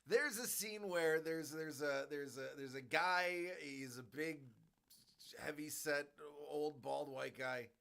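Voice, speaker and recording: A man in his forties, a stream host, ranting in a rambling, animated way about a movie in casual chat. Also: fairly high pitch, slow, vocal fry.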